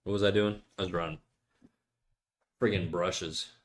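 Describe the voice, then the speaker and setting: A man's voice: low voice, fairly even intonation, a little slow. A man streaming while he draws, chatting casually with viewers and giving loose drawing tips in a rambling, joking way that often breaks off mid-sentence. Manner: rambling, self-interrupting, jokey.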